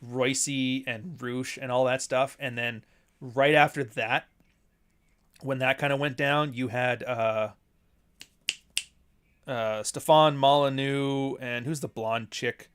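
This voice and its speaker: An author chats casually on his own livestream, his voice at an ordinary male pitch. He tells stories in an animated, profane way and keeps breaking into laughter. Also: slow, pauses often, clean tone. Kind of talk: casual livestream chat reading super chats.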